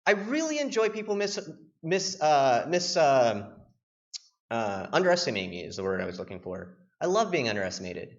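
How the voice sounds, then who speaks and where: A young man giving a casual, joking conference talk as a penetration tester, telling anecdotes in an animated way. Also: medium pitch, normal speed. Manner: animated, joking, acts out voices. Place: conference room. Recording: dull lo-fi conference recording.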